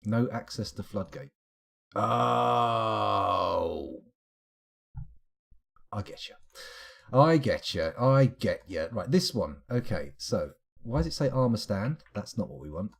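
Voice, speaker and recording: A man's voice: on the low side, expressive, slow, vocal fry, pauses often, a bit bright, slightly rough. A man streaming a strategy game live, muttering to himself as he clicks through menus and now and then answering his chat. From United Kingdom. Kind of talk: live gameplay commentary.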